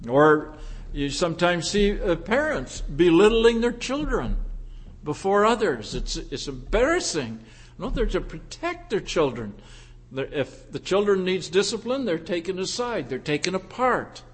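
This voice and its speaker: A man preaching a sermon in an earnest, measured way, repeating key phrases for emphasis. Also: sits high, sing-song, slightly rough.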